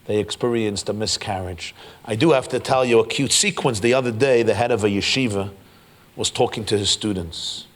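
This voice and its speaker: A man giving a storytelling sermon as keynote speaker, acting out the dialogue of the people in his tale and building to loud peaks. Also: lowish voice, moderate pace. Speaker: rabbi giving a keynote address. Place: large hotel event hall.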